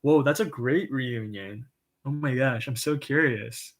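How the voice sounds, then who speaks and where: A man hosting a casual livestream, reading viewer comments with an upbeat, encouraging manner, lots of "um" and soft laughs. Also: medium pitch, a little slow. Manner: chatty and enthusiastic, frequent "um" and soft laughs; says "y'all", upbeat and encouraging. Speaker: livestream write-in host.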